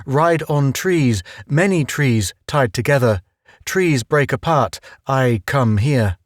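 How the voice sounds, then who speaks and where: A man voicing a defiant young man who speaks in terse, broken phrases, steady and firm. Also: medium pitch, slow, dry recording, clean studio sound. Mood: explaining. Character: young man, defiant captive trading bluffs.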